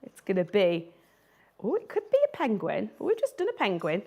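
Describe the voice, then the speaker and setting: A woman's voice: medium pitch, huge pitch swings, fairly quick, dull audio. Playful woman illustrator teaching drawing on a stream, very sing-song delivery. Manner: chatty and playful, laughs often. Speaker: children's book illustrator. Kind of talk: live drawing tutorial.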